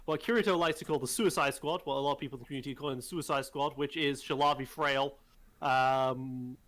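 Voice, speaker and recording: A man co-commentating a live tournament match, calmly breaking down each team's strategy. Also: mid-range voice, fairly quick. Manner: analytical, explains team strategy. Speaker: game co-commentator.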